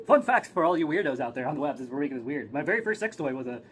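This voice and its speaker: A woman's voice: expressive, very fast. A woman streamer chatting casually in a vlog clip, giggly and oversharing. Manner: giggly, overshares, swoops in pitch. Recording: noisy clip audio.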